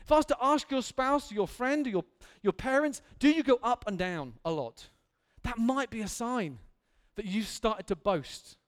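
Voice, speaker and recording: A man's voice: extremely high pitch, animated, moderate pace. A man preaching an earnest, candid sermon in a church hall, building to emphatic intensity.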